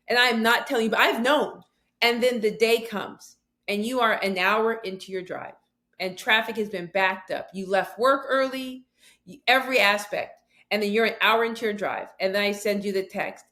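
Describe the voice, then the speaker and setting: A woman's voice: medium pitch, normal speed, pushed and bright. A woman guest on an interview show, telling a story animatedly and acting out both sides of a conversation. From southwestern United States, near the Mexican border. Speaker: guest, author and speaker.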